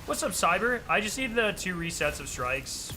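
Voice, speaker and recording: A man streaming a game, chatting casually and excitably with plenty of slang and swearing. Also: sits high, normal speed, noisy background. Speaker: gaming streamer. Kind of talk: casual chat over gameplay.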